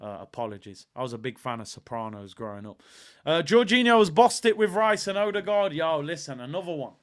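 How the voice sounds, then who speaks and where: A man's voice: a little high, very animated, brisk. Emphatic man hosting a live football watch-along. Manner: emphatic, repeats lines for effect, reads viewer comments. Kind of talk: live stream match commentary chat.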